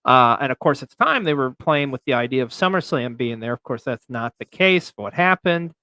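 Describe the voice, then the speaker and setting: A man's voice: medium pitch, expressive, brisk, pushed and bright, dry recording. A man hosting a wrestling recap show, delivering in a theatrical, announcer-like way. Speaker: host.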